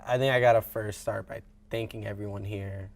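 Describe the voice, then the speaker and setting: A man's voice: fairly low pitch, steady tone, a little fast, vocal fry. A young man giving an earnest, chatty farewell speech as a co-host in a studio, slightly choked up. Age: young adult.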